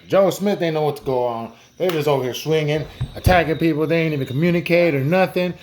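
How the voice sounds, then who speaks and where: A man's voice: fairly high pitch, quick pace, hardly any pauses. A man improvising a made-up story in a loose, rambling, slangy way, full of "like" and "dude". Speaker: storyteller host.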